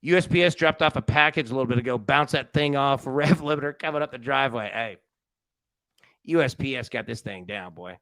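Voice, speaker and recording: Fairly quick and a bit bright, a medium-pitched male voice hosts a live sports betting show with no room sound. Captured on a studio mic for a live stream, he rambles and jokes in casual chat, restarting frequently.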